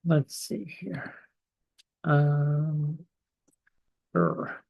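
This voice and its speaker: A man working as an astrologer, talking slowly and hesitantly with many pauses and fillers as he shares charts on a live stream. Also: on the high side, gravelly, a little mellow. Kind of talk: slow casual live-stream talk. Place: home in California.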